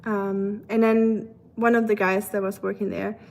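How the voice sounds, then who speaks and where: A woman's voice: medium pitch, level tone, a little slow, gravelly. A woman from Germany with a German accent, chatting casually with viewers on a live stream, full of fillers and reading out their comments.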